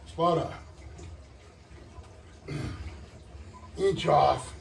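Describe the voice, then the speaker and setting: A winded man talks his way through a hands-on job in slow, halting bits, often trailing off mid-thought. His voice is gravelly and a little high for a man. He sounds set back from the mic in an echoey room with faint noise behind him. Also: distant mic. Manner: halting, muttering to himself, trailing off. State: out of breath. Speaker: hobbyist vlogger. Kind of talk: casual running commentary while working.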